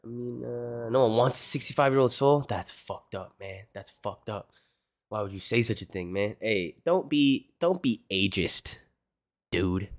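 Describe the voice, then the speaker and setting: A man's voice: fairly low pitch, little pitch movement, moderate pace. A young man livestreaming, chatting casually with his viewers in a laid-back, rambling way and swearing a lot. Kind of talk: casual stream chat, answering chat.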